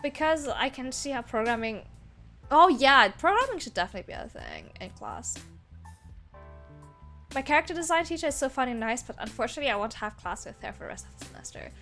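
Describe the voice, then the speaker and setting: A young woman with a high voice that leaps all over the place, gushing and chatting with her live-stream viewers. Faint game music hums underneath her voice. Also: very animated, fast talker, pushed and bright. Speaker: variety streamer. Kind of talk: casual live-stream chat while gaming.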